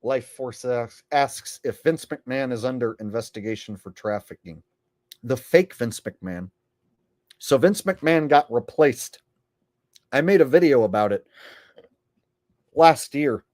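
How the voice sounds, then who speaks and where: A man's voice: mid-range voice, animated, a little slow, pauses often, darkish tone, dry recording, clean studio sound. A man hosting a casual commentary vlog, rambling in a sarcastic, profane way. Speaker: channel host.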